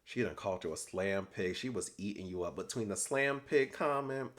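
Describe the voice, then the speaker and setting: A young adult man recapping a reality TV episode in casual commentary, animated and sassy, acting out people's lines with slangy asides. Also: fairly low pitch, moderate pace.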